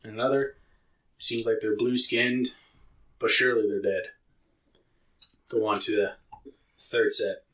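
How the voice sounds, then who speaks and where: A man's voice: lowish voice, fairly even intonation, a little slow, pauses often, a bit bright, poor audio. A man running a tabletop game, narrating loosely with many fillers. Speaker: game master.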